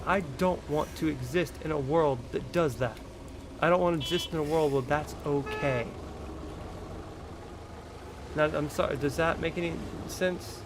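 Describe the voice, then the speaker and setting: A man's voice: fairly high pitch, background noise. A man in his thirties from the United States, delivering a heated, profane vlog rant full of repetition. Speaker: vlogger. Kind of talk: angry political rant.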